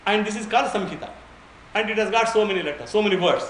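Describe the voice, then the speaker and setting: A man's voice: sits high, fast talker, roomy sound, a little hiss or hum, rough recording. A man giving an informal spoken lecture on Vedic chanting, explaining with anecdotes and frequent restarts.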